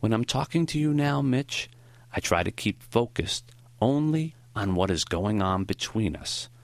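A man voicing a frail, gentle old male professor in an audiobook, with a foggy, high-pitched voice and slow, earnest speech. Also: animated, dry recording. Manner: slow, warm, earnest counsel. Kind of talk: audiobook character voice.

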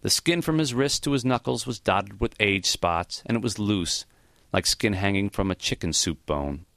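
A man narrating a memoir in the first person, reflective and measured. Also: lowish voice, vocal fry, fairly bright tone, dry recording, studio quality. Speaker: audiobook narrator.

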